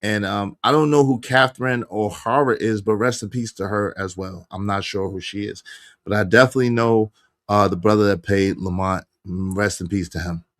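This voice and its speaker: A man hosting a casual livestream, talking loosely and jokingly, his voice going hoarse as he loses it. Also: normal speed. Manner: animated, joking, shifts between low mumbles and loud bursts. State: losing his voice. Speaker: livestream host.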